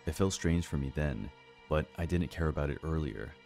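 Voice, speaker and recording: A man narrating a first-person horror story in a slow, even, scripted storytelling delivery. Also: a bass voice, gravelly. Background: faint background music.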